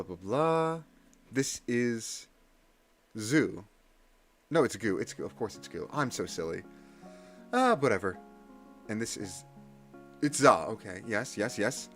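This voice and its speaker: Chatty streamer man with a lively voice. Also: mid-range voice. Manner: chatty, self-deprecating, nervous energy. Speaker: livestreamer studying Japanese kana. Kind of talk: casual live-stream chat.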